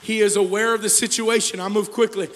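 A man preaching a sermon as pastor, moving between quiet, intimate passages and loud, shouted climaxes. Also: sits high, flat delivery, fairly quick. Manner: swings from hushed to shouted preaching. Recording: long hall reverb.

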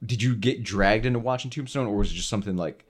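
A man with a fairly low voice co-hosts a casual podcast. He talks with enthusiasm, rambling and filling his sentences with "like.". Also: fast, crowd noise. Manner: enthusiastic, rambling with many fillers. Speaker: podcast co-host.

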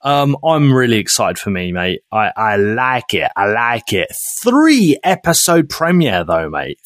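A man co-hosting a podcast in casual chat, animated and laughing often. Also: mid-range voice, measured pace, dry recording, studio quality. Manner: animated, laughs often, drifts into silly voices. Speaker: podcast co-host.

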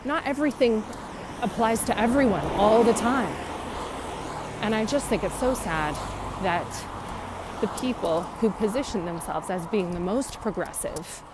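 A woman's voice: mid-range voice, unhurried. Vlogger, Canadian woman in her 30s, opinionated street rant, heavy traffic noise. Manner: opinionated, emphatic, ranting. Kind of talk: casual chat to camera. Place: outdoors by a busy road. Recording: loud traffic noise behind.

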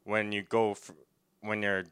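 A man chatting casually and laughing often, retelling a story with loud acted-out yells. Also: on the low side, level tone, measured pace, smooth. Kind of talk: casual chat.

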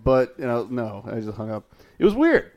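A young man co-hosting a casual podcast, joking and swearing in quick back-and-forth talk. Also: mid-range voice, huge pitch swings, highs cut off, a crowd in the background. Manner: joking, profane, quick reactions. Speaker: podcast co-host. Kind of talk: casual chat.

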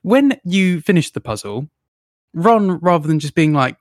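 Animated voice, very lively pitch. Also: normal speed, dry recording, clean studio sound. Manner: animated, swears freely, laughs often. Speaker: podcast co-host. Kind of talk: casual gaming chat. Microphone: own microphone on a remote call.

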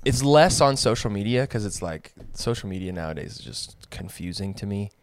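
A man's voice: lowish voice, expressive, normal speed. Rambling young man in casual chat. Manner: rambling, filler-heavy, thinks aloud. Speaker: podcast co-host.

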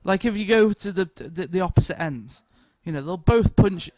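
A man's voice: sits high, expressive, moderate pace, a little mellow, dry recording, clean studio sound. A man with a giggly, rambling storytelling manner, chatting casually as a podcast co-host. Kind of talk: casual chat.

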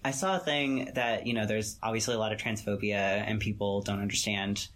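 A man's voice: fairly low pitch, steady tone, brisk, fairly bright tone. A man in casual conversation, talking earnestly in long, loose sentences full of "like" and "you know".

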